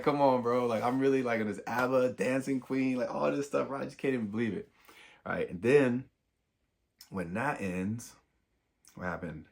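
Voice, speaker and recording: An American man, a young adult, telling a casual story in an animated, slangy way and acting out the dialogue. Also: medium pitch, vocal fry. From United States. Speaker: vlogger.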